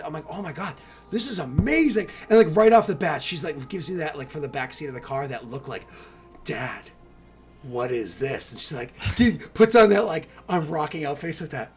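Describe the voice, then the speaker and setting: A man running a tabletop game in a casual, animated way, laughing often and using many fillers. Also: a little high. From New England. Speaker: game master.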